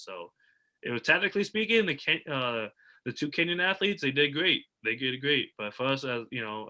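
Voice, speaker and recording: A young male athlete talking eagerly and with animation as a guest on a casual podcast interview over a video call. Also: mid-range voice. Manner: animated, eager sports talk.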